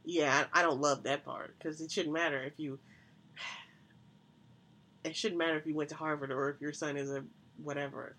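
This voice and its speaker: A woman co-hosting a casual chat, speaking emphatically in colloquial terms and agreeing in quick interjections. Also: low-pitched, fairly even intonation, pushed and bright.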